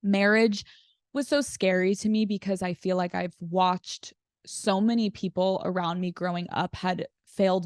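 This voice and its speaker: Podcast guest: woman, chatty storyteller, slightly low voice, dry close studio sound. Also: dry recording. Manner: chatty storyteller with frequent "like" fillers. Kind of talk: casual chat.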